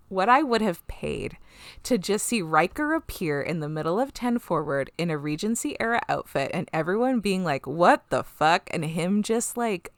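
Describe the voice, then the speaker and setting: A woman co-hosting a casual podcast, excitedly recapping an episode, gushing, swearing and acting out the characters' lines. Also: lowish voice, no echo, clean studio sound. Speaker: podcast co-host.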